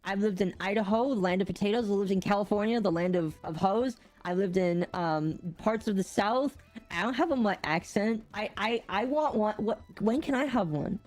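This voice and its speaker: A young woman co-hosts a casual streamed podcast, talking in a rambling, halting way full of restarts. Her pitch sits in the middle range, and faint music plays beneath her voice. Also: darkish tone. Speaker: podcast co-host.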